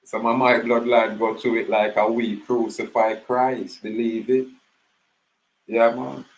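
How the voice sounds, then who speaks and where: Jamaican man at an average pitch, speaking Patois in a loose, storytelling monologue. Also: a little slow, a little hiss or hum, low-quality recording. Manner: rambling, animated storytelling in Patois. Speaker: channel host. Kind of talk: casual monologue.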